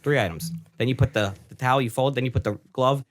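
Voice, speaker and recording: A man's voice: mid-range voice, quick pace, slight background noise. A young man co-hosting a comedy podcast, rambling through crude anecdotes and swearing a lot. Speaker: podcast co-host. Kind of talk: crude casual comedy chat.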